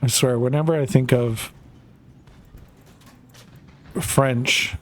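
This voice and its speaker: A man's voice: medium pitch, steady tone, takes it slowly, fairly bright tone. A man streaming a tank game, talking casually in a rambling way, full of fillers, and swearing now and then. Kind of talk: casual live gaming commentary.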